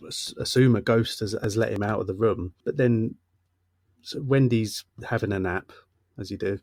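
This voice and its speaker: Low-voiced man recapping a film. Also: a little fast, no echo, clean studio sound. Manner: relaxed, recaps plot with soft laughs. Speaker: podcast co-host. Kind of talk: casual film discussion.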